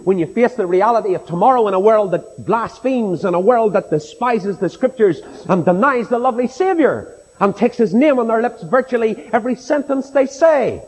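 A middle-aged man with a Northern Irish accent preaching a sermon in a church, impassioned and rhetorical, mimicking his doubters. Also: high voice. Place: church with a long reverb. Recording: reverberant church hall.

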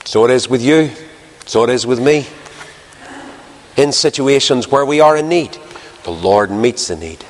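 A man preaches with a chatty, animated delivery, his pitch leaping up sharply to drive points home. His voice sits in the middle register. It rings out with a long reverb tail, as if from a large hall. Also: a little slow, long pauses, a little hiss or hum. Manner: animated, jumps in pitch for emphasis. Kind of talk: sermon.

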